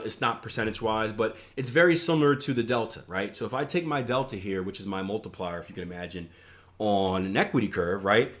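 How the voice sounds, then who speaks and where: A man working as a trading coach, talking casually through charts and keeping his listeners with him by asking "right?" again and again, with self-mocking asides. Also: fairly low pitch. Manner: conversational, many filler "right?" checks, self-mocking asides. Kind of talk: casual teaching over a screen share.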